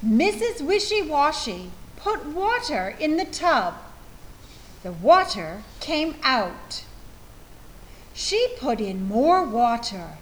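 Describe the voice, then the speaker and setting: A woman reading a children's picture book aloud with expressive delivery. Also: sits high, slow pace, slight background noise, low-quality recording. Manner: expressive, sounds out animal noises. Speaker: storyteller.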